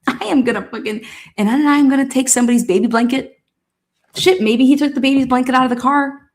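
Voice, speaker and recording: A woman's voice: high-pitched, fairly even intonation, fast talker. A woman hosting a trial commentary, reacting to courtroom video with constant swearing, laughter and outrage.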